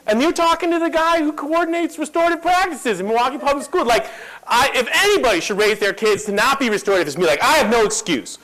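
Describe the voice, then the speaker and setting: A man's voice: extremely high pitch, fast, few pauses, low-quality recording. A man in his thirties giving a talk on a lapel mic, telling a story and acting out the quotes. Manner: animated, acts out quotes. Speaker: guest speaker.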